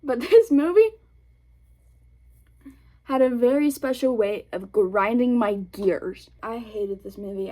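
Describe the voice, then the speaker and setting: A woman's voice: medium pitch, unhurried, mellow. A young woman vlogger chatting casually about films, rambling with lots of fillers and giggles. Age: young adult. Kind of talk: casual chat.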